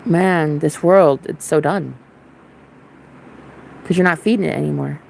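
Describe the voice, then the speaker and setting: A woman's voice: deep voice, a little slow, creaky, darkish tone, a little hiss or hum. A young woman vlogger ranting to camera in a casual spiritual monologue, blunt, defiant and full of swearing.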